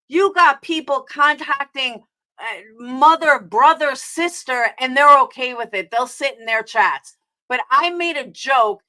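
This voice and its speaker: Bright-voiced, heated New York woman ranting. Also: sits high. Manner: heated, profane, confrontational, answering chat. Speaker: streamer. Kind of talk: angry live-stream rant.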